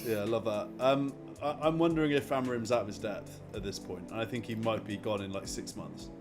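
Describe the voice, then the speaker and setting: A man's voice: lowish voice, a little fast, over music. A man hosting a casual football podcast, feeding his guest questions and laughing along. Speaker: podcast host.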